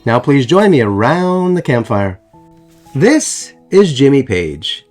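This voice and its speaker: Lively, chatty male history host. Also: mid-range voice, slow, faint music behind. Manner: chatty, joking asides to viewers. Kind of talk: narration over photos.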